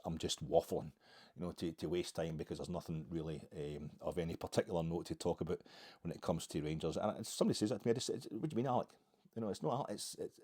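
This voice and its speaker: A Scottish man talks through his solo podcast in a loose, rambling way, wry and self-mocking. His voice sits low and mellow and dark in tone. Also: husky. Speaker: podcast host. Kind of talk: casual monologue.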